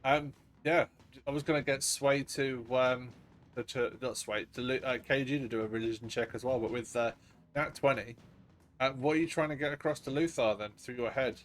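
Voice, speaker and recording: A man's voice: mid-range voice, steady tone, normal speed. A man narrating as dungeon master in a casual, laughing way that drops in swear words. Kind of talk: narrating a tabletop game. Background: faint ambient game music.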